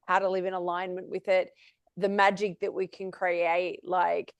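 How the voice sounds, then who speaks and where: A woman's voice: on the low side, level tone, moderate pace, clear, resonant tone, dry recording, highs cut off. Enthusiastic woman host, dry close sound. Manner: enthusiastic, laughs often, spiritual talk. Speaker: podcast host. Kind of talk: casual podcast interview.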